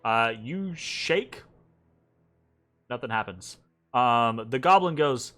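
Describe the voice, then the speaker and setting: A man running a tabletop game as game master, reading out scene descriptions slowly with frequent fillers. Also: medium pitch, animated, bright, forceful tone. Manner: slow, reads descriptions with fillers. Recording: faint background music.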